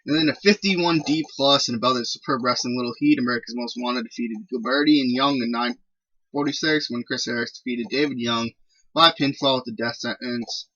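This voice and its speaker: A man's voice: mid-range voice, brisk, bright, forceful tone, no echo, dull audio. A man giving casual, rambling commentary while playing a wrestling management game. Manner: chatty, rambling recaps. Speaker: video game let's player.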